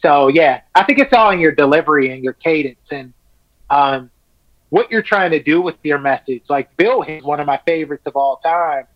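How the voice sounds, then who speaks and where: A man's voice: fairly high pitch, animated, normal speed, no room sound, highs cut off. A man, a stand-up comic, chatting as a podcast guest in a laid-back, enthusiastic way, full of "man" and "like". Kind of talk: casual podcast chat.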